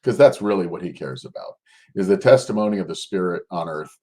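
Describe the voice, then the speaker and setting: A male guest scholar gives a conversational explanation of his subject in an interview, his fairly low voice mellow with lively intonation. He thinks aloud haltingly, often breaking off and restarting sentences before carrying his point through.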